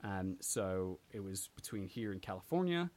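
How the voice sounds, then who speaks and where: A man's voice: deep voice, very animated, moderate pace, a little mellow. A young British man raised partly in America, with a mixed British and American accent, chatting as a podcast guest and explaining at length with many fillers. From Britain, raised partly in the US. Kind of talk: casual chat.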